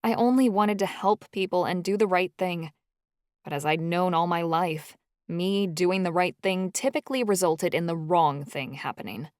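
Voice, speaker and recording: A woman's voice: fairly low pitch, moderate pace, no echo, close to an everyday voice. A woman reading a stubborn young heroine in an audiobook, lifting her voice as she pleads and insists. She sounds close and dry on the recording. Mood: pleading.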